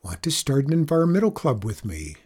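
A man's voice: mid-range voice, wildly swooping pitch, fairly quick, darkish tone, slightly rough. A man voicing an easygoing, friendly middle-school boy. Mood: eager. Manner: easygoing, eager.

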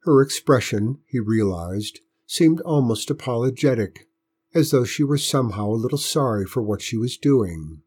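Husky-voiced male storyteller. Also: medium pitch. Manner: steady, measured reading. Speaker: narrator. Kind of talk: storybook reading.

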